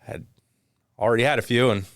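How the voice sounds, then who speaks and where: A man in his thirties, a guest on an interview show, telling stories in a relaxed, self-deprecating way and sometimes trailing off while he hunts for a name. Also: medium pitch, brisk, clear, resonant tone, no echo, clean studio sound. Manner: lively storyteller, self-deprecating, trails off searching for names. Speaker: podcast guest, mortgage company executive. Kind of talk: casual interview chat.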